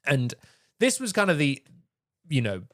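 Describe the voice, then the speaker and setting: Profane, excited man. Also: a little high, measured pace. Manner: enthusiastic, laughing, profane. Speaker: podcast co-host. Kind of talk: casual chat.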